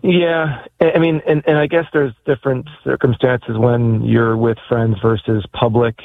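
A man calling in to a talk show, speaking hesitantly with many pauses and restarts, heard over a phone line. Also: mid-range voice, level tone, vocal fry, no echo. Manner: hesitant, lots of ums and restarts. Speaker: caller. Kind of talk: phone-in conversation.

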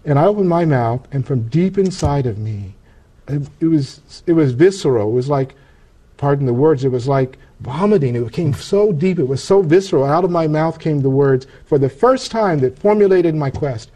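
A man with a slightly high but mellow, soft-edged voice tells a personal story as an interview guest. His delivery is earnest and halting, with frequent restarts. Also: lively intonation.

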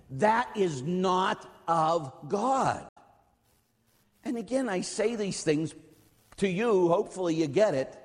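A priest and radio host preaching bluntly and telling stories, acting out the voices of the people in them. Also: male voice, sits high, vocal fry, big-room sound. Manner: blunt, animated, acts out callers' voices. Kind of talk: lively sermon with storytelling.

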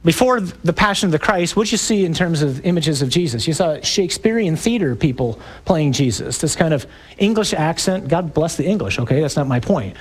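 A man's voice: a little high, expressive, brisk, breathy edge. A man who is a priest, giving an emphatic, preacherly parish talk to parents with jokey asides to the audience.

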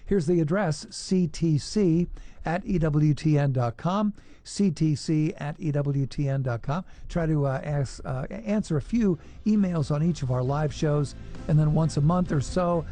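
A man's voice: a little high, warm tone, soft background music. A man hosting a call-in radio show, reading listener emails and wrapping up the hour with station notes. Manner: friendly, reads emails, brisk wrap-ups. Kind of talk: radio host chat.

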